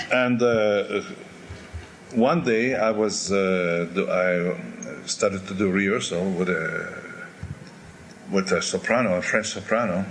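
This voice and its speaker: An older man, an opera singer, candidly telling animated stories in an interview and imitating crowd noises. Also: low-pitched, a little hiss or hum.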